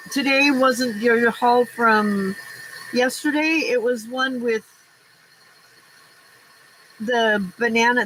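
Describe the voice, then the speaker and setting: A woman hosting a casual live crafting stream, chatty and quick to laugh as she reads out viewer comments. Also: a little high, pushed and bright, a little hiss or hum, low-quality recording.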